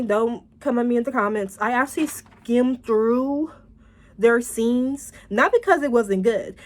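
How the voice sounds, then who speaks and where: A woman chatting casually as she reviews a drama, rambling and animated, laughing and swearing often. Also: on the high side.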